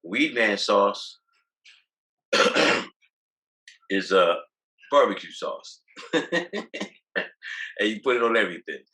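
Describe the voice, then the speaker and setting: A man speaks as an interview guest over a video call. His voice sits low yet sounds bright and forward. He tells stories in a loose, boastful way, often stopping and restarting mid-sentence. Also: slow pace, long pauses, poor audio. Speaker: guest, cannabis activist. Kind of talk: casual interview talk.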